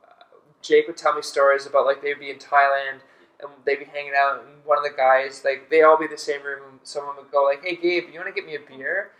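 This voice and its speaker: A man, a volleyball player, chatting as a podcast guest and telling lively anecdotes. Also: mid-range voice, fast talker. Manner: animated anecdote teller. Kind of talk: casual chat. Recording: roomy studio echo.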